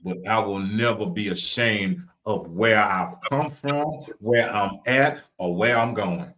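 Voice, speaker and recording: A man's voice: on the low side, takes it slowly, a bit bright, rough recording. A man with a Southern US accent co-hosting a live podcast, talking in a repetitive, preacher-like cadence. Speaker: podcast co-host.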